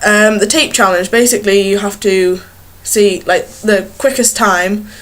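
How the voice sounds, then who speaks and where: A woman's voice: medium pitch, fairly even intonation, measured pace, fairly bright tone. A young woman chatting casually to a webcam in a small bedroom, rambling and giggling at herself. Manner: rambling, giggly, self-mocking. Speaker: vlogger. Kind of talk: casual chat to camera.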